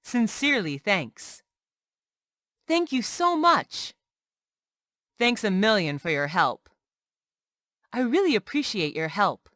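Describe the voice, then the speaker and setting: A woman reading short everyday English phrases aloud one by one, clearly and carefully, as a language lesson. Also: medium pitch, big pitch swings, slow pace, pauses often, a bit bright, no room sound, clean studio sound. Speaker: English teacher.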